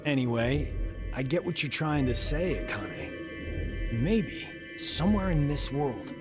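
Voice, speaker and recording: A man's voice: a little high, expressive, slow pace, over music. An actor voicing an easygoing young man in a game who talks casually and sums things up. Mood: thoughtful.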